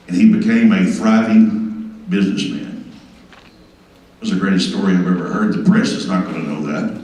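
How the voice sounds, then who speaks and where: A man's voice: deep voice, fairly even intonation, normal speed, pauses often, a little mellow. A man giving a folksy, emphatic tribute speech full of stories. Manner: emphatic, down-home storyteller. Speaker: speaker at a tribute event. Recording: echoey hall from far off.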